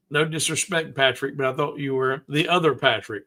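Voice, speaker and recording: A man hosting a casual live stream, talking slowly with frequent stutters and restarts. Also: mid-range voice, fairly even intonation, pushed and bright. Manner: slow, deliberate delivery. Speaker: livestream host.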